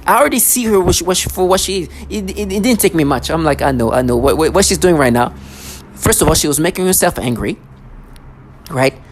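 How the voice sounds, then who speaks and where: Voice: medium pitch, lively intonation, brisk, a little hiss or hum. A vlogger ranting to camera in an agitated, accusatory way, full of sarcasm and stammered restarts.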